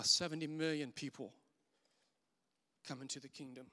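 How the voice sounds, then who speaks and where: A man's voice: mid-range voice, fairly even intonation, normal speed, fairly bright tone, smooth. A middle-aged man preaching a sermon as a church elder, telling candid and self-deprecating stories. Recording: long hall reverb.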